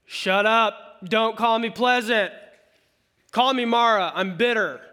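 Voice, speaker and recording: A man voicing a bitter grieving widow who snaps back loudly and in exasperation. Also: sits high, slow pace, pitched above the performer's own voice, heavily acted. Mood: bitter, exasperated. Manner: exasperated, loud retorts.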